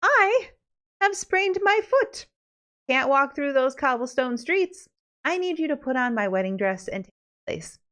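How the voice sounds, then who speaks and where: A woman's voice: high-pitched, very animated, measured pace, a bit bright, pitched above the performer's own voice, heavily acted. A woman voicing a haughty young noble bride who speaks in imperious, archaic phrases. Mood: scheming.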